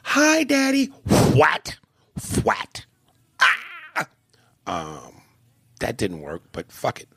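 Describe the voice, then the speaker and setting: A man's voice: on the low side, fairly bright tone, no echo. A man co-hosting a comedy podcast, reading a listener's email aloud and joking crudely between lines. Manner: crude, joking, slips into voices. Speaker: podcast co-host.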